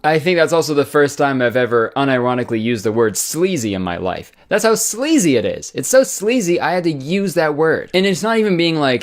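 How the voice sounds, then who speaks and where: A young man riffing in comedic commentary, his voice swooping up and down in mock outrage as he swears and jokes. Soft music plays faintly under him. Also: fairly high pitch, sing-song, brisk, few pauses. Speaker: commentary YouTuber.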